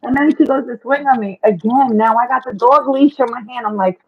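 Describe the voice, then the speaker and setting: A woman with a husky, somewhat high voice tells a story in loose, profane chat. She jumps into the voices of the people she quotes. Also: brisk, hardly any pauses, dull audio. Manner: lively, profane, acts out quotes.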